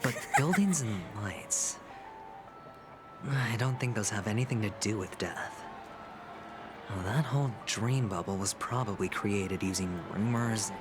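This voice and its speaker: An actor playing a smooth, teasing young male gambler in a game, his inner thoughts sometimes whispered. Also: on the low side, expressive, measured pace. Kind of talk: game voice acting. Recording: game audio over clear music.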